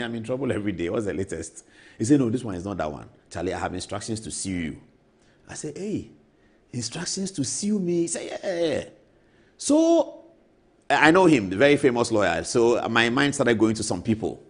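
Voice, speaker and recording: A man's voice: on the low side, gravelly. A man with a Ghanaian accent, a TV show host telling a story and acting out what others said to him. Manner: animated, acts out quoted voices. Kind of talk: storytelling monologue.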